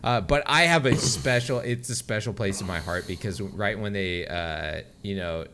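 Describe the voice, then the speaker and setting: A man co-hosting a podcast in casual chat, excitable, swearing a lot and laughing often. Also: lowish voice, moderate pace, background noise. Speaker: podcast co-host.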